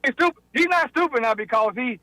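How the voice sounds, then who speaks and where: A man's voice: very high voice, expressive, fast talker, pushed and bright, no echo, poor audio. A man calling in to a talk show, blunt and teasing, talking in loose casual grammar. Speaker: caller. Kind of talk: casual on-air chat.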